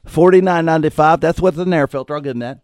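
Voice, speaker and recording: A man voicing his excitable cousin, who rants loudly and indignantly about politics. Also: on the high side, moderate pace, no echo, voice pushed up, close to an everyday voice. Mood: ranting. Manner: loud, indignant, ranting.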